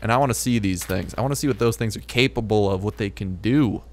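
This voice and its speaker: A man's voice: fairly low pitch, quick pace, slight background noise. Hyped, chatty man narrating his gameplay. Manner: hyped, chatty, often restarts phrases. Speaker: gaming YouTuber. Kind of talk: excited let's-play commentary.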